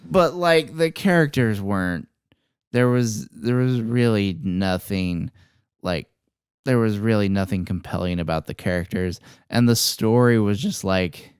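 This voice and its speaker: Low, smooth-voiced young man. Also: no echo, clean studio sound. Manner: hesitant, restarts often, measured opinions. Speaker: podcast co-host. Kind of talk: casual chat.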